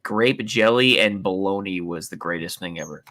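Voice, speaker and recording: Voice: deep voice, normal speed, a bit bright, no echo, studio quality. A guest on a stream, arguing playfully and teasing the host in casual chat.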